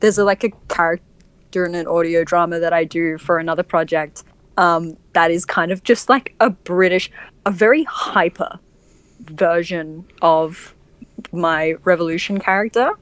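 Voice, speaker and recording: A woman with an Australian accent, a voice actor chatting casually, laughing often and filling pauses with um and like. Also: lowish voice, fairly even intonation, smooth, dry recording. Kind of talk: casual group chat.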